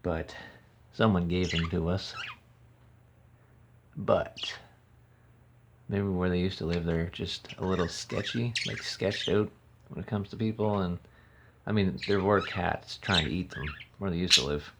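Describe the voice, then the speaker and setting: A man's voice: low-pitched, measured pace, creaky, noisy background. A man filming a casual home vlog on his phone, rambling and correcting himself as he talks and coos to his birds. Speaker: pet owner vlogger. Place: home room. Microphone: phone camera. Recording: dull lo-fi phone audio.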